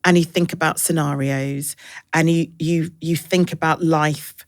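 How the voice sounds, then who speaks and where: A woman, a podcast guest, talking candidly and reflectively, sometimes acting out others in a bright high voice. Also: fairly even intonation, unhurried, no room sound, studio quality. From England. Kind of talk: candid conversational interview.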